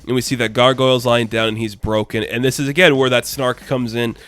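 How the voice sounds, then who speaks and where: Male comic reviewer, mid-range voice, chatty and excitable, casual swearing, conversational recap. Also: mid-range voice, a little fast, clear, resonant tone. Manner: enthusiastic, chatty, casual swearing, frequent laughs.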